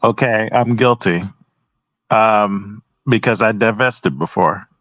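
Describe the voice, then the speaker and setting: A man speaking as a guest on a panel discussion, hesitant with many pauses and restarts. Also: lowish voice, a bit bright, dry recording, lo-fi sound.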